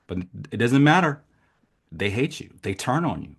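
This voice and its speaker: A man who was a paramedic instructor, a guest telling his story in an impassioned way, swinging between soft and loud. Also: medium pitch, sing-song, normal speed, slightly rough. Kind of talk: conversational interview.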